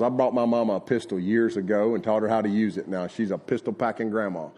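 Quick and with few pauses, a middle-aged pastor preaches in a lowish, steady, darkish voice. He tells personal stories in a folksy, chatty sermon, performing the conversations he retells.

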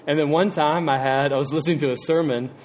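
A man's voice: fairly high pitch, fairly even intonation, fast talker, darkish tone, a little hiss or hum. A male preacher giving a casual sermon, chatty and rambling, with self-deprecating digressions and questions to the congregation. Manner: chatty, asks the audience questions.

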